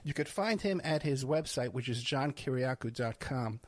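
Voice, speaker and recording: A man's voice: mid-range voice, lively intonation, moderate pace. A man hosting an interview show who chats in a casual, joking way. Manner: chatty, joking. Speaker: host.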